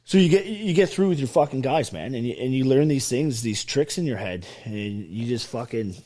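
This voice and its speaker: Speaking in a mid-range, expressive voice with a dark tone, this Ontario man talks a little fast. He's an army veteran guesting on a podcast, sharing his story casually, bluntly and emphatically, with nonstop cursing.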